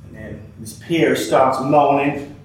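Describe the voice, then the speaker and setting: An actor playing an older, bigoted night-shift cook who tells a rambling, folksy story in a drawl, captured on an echoey stage from afar. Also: male voice, mid-range voice, takes it slowly, distant mic, lightly acted. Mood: grumbling. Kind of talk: theatrical monologue.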